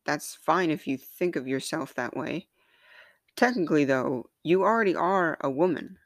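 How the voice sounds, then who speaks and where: A woman's voice: sits low, animated, normal speed, no room sound, clean studio sound. A woman voicing the Body as a patient grown woman who firmly coaxes the others to cross into womanhood. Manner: firm, coaxing, reassuring.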